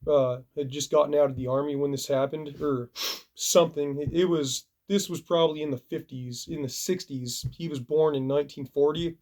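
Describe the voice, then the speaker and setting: Brief: male vlogger telling a story, lively and casual, acting out the fight with sound effects. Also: a little high, moderate pace. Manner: animated, acts out punches with sound effects. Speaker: video reviewer.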